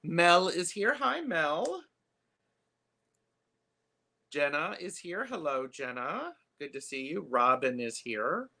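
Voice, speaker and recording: A man hosting a live tarot stream, chatting casually with lots of fillers and pauses. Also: on the high side, very animated, creaky, sharp tone. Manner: chatty, halting, many fillers.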